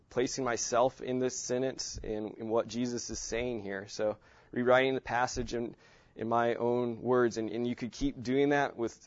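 A man teaching how to meditate on Scripture, thinking aloud and stressing single words of a passage as he reads it slowly. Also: mid-range voice, dry recording, dull audio. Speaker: Bible teacher.

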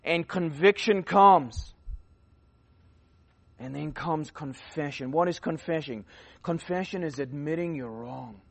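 A man giving a conversational sermon at a youth conference, rambling with restarts and fillers and swinging between loud emphasis and quiet asides. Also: on the high side, moderate pace, gravelly.

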